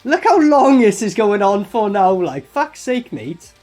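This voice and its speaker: A man's voice: sits high, sing-song, a little slow, a little mellow, faint music behind. A man reviewing a movie in sarcastic, mocking commentary full of swearing. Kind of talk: profane commentary over film clips.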